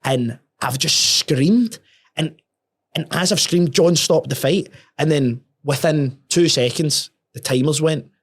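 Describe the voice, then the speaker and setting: A man's voice: fairly high pitch, slow pace, slightly rough. Guy on a podcast, swears a lot, keeps restarting words, chatty storytelling. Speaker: podcast guest. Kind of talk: casual storytelling.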